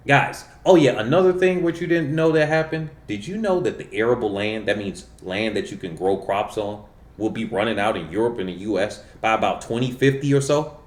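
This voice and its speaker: A man's voice: medium pitch, animated, normal speed. A man hosting his own channel, talking in a casual, rambling monologue full of fillers and self-corrections. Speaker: channel host. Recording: roomy echo.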